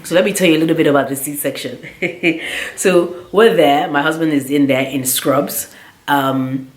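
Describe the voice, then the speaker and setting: Chatty woman vlogger, low voice, roomy echo. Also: moderate pace. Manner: animated, chatty, full of filler "like". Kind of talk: casual storytelling vlog.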